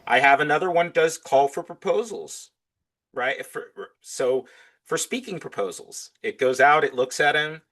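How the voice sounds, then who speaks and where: A man's voice: a little high, unhurried, fairly bright tone. A man talking as a podcast guest in casual interview chat. He is enthusiastic and acts out both sides of his back-and-forth conversations.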